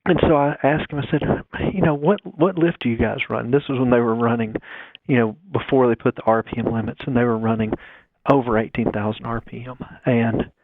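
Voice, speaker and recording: A man calls in as a guest engineer for a phone interview, walking through technical details and figures step by step. His mid-range voice is steady and fairly quick, on a dry, tinny phone line.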